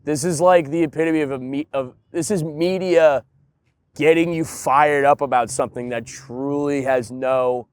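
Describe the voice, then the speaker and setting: A man in casual podcast chat, ranting in an animated way and leaning on filler words. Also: fairly high pitch, moderate pace, clean tone. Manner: animated, ranting, heavy use of "like" and "dude". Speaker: podcast co-host.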